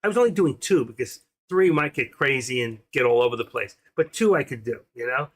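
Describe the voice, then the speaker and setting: Older male host, husky, chatty and rambling, casual livestream talk. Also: medium pitch, lively intonation, a little fast.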